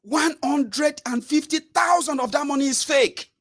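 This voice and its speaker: An outraged middle-aged shopkeeper , put on by a man, rants in a piercing, very high voice with a Nigerian accent. His exasperated complaints come in loud, repeated bursts. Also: unhurried, exaggerated voice. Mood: ranting. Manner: shrill, exasperated ranting, repeated outbursts. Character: angry middle-aged male shopkeeper ranting.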